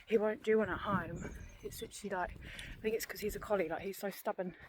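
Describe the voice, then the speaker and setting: A woman talks into a handheld phone as she walks her dog, chatty and rambling. She sounds slightly out of breath, with an ordinary mid-pitched voice and faint outdoor ambience behind her. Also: steady tone, quick pace, a little hiss or hum. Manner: rambling, chatty, self-deprecating. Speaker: vlogger. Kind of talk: casual chat while walking.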